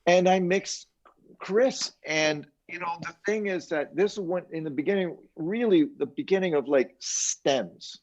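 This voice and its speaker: An older man, a mixing engineer, telling animated anecdotes in a casual interview and chuckling as he quotes others. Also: fairly high pitch, unhurried. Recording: dull lo-fi sound.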